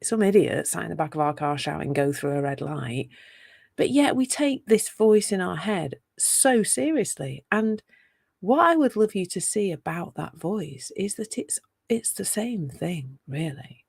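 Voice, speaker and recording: A woman's voice: mid-range voice, very animated, measured pace, creaky, a little mellow, husky, no echo, studio quality. A woman teaching on a live talk, chatty and playful, with rhetorical asides to her listeners. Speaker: self-compassion teacher.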